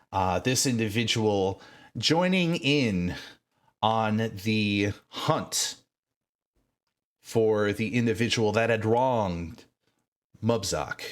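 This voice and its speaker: A man narrating as game master of a tabletop game, measured and dramatic, with frequent fillers. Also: on the low side.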